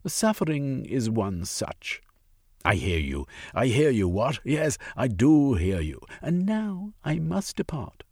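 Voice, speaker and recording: A man's voice: mid-range voice, very animated, slow pace, vocal fry, no room sound, clean studio sound, pitched above the performer's own voice, exaggerated voice. A man voicing an earnest woman pleading with a lord in a storybook reading.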